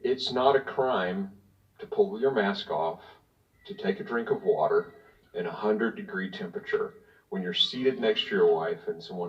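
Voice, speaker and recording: A man from Tennessee, a congressman giving pointed, partisan prepared remarks at a hearing while reading from notes. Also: lowish voice. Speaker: congressman questioning a witness. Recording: distant, dull hearing-room audio.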